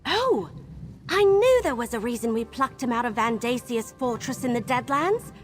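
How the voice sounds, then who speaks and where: A woman voicing a bubbly high-voiced elf ally. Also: normal speed, faint music behind, lightly acted. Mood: chipper. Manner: bubbly, animated, chatty. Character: cheerful young female elf ally, chatty and earnest.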